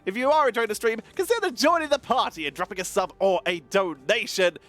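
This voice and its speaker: A man casting a live esports match, energetic and chatty, wired on caffeine and thanking subscribers between calls of the play. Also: high-pitched, fairly quick, faint music behind. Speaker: esports caster.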